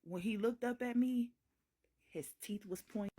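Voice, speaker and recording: A woman's voice: a little high, moderate pace, dark tone, slightly rough. A woman telling a wild story in a casual, profane, dramatic way. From Chicago.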